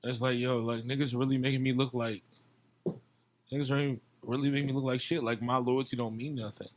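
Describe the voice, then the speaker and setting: A man's voice: mid-range voice, flat delivery, a little fast. A young man from Virginia, a musician guest on a podcast, talking in a passionate, profane casual chat and often repeating himself.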